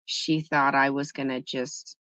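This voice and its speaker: On a livestream, a woman with an extremely low yet fairly bright voice talks in a flat, unhurried way, casually telling a story and responding to viewers. There's no room sound, and the audio is dull, dry lo-fi.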